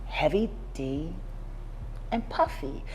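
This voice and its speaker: A woman slowly and deliberately recalling the past in a recorded clip. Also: sits low, sing-song, a little hiss or hum. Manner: slow and deliberate, listing names. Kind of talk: reflective recollection in a clip.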